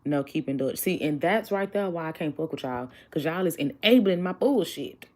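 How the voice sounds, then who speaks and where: A woman's voice: low-pitched, lively intonation, moderate pace, darkish tone. A chatty woman doing a casual tarot reading, blunt and joking with her viewers. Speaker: tarot reader.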